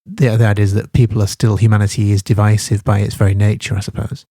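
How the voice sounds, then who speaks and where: A man's voice: on the low side, level tone, fast, dark tone, no echo, clean studio sound. A man teaching a study guide, thinking aloud with many fillers and restarts.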